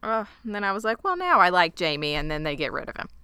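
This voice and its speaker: A woman's voice: fairly low pitch, big pitch swings, quick pace, bright, forceful tone, smooth, dry recording, clean studio sound. A woman co-hosting a casual chat, summarizing scenes from her notes in a conversational way. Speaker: podcast co-host. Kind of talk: casual chat recapping a show.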